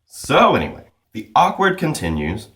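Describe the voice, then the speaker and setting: A man's voice: mid-range voice, huge pitch swings, normal speed, creaky, a bit bright. A man giving a casual, chatty recap as a comic book reviewer, loose and full of "like" and "you know".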